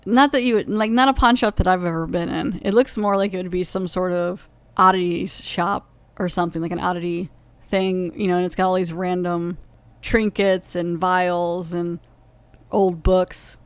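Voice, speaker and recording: Woman rambling thru an episode recap, kinda low voice, dry close mic. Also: fairly even intonation, moderate pace, smooth, no room sound. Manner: rambling, full of "like" and "you know", self-correcting. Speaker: podcast host reviewing a TV episode. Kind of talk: casual recap.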